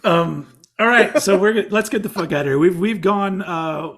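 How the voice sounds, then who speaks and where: A man's voice: high-pitched, moderate pace, a bit bright. A man from Texas co-hosting a music podcast, chatting casually, rambling and swearing with a laugh. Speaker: podcast co-host. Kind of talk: casual chat.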